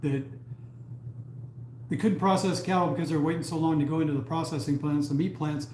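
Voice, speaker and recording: A man's voice: a little high, steady tone, a little fast, dark tone. A man co-hosting a casual livestream from home, loose and profane, laughing often. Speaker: livestream co-host. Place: home, garage area. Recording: echoey room with faint noise.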